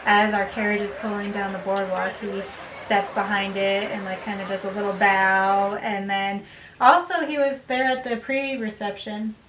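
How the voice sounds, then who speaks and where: An upbeat woman vlogger chats casually at home and laughs easily. Her voice sits at an ordinary pitch and comes from a little way off the mic. The room sounds echoey, with a faint hiss underneath. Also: fairly even intonation, moderate pace, far from the mic. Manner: chatty and upbeat, laughs often. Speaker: vlogger, bride. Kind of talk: casual chat to camera.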